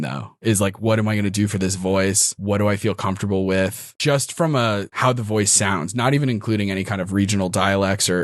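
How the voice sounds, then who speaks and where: Low-voiced man chatting casually. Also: dry recording, clean studio sound. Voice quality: chatty, thinks aloud with many "like"s. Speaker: podcast guest and dungeon master. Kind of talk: casual chat.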